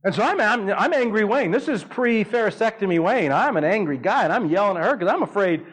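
A middle-aged man with a notably high voice, preaching from the pulpit. He tells his story with animation and humor, leaping up in pitch when the telling turns dramatic. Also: expressive, brisk, poor audio. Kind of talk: sermon storytelling.

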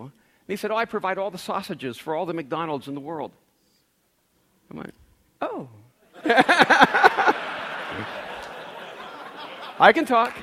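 A man telling stories in a sermon, acting out dialogue with lots of energy and repeating words as he starts sentences. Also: high voice. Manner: animated storyteller, acts out dialogue. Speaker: speaker. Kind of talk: storytelling sermon.

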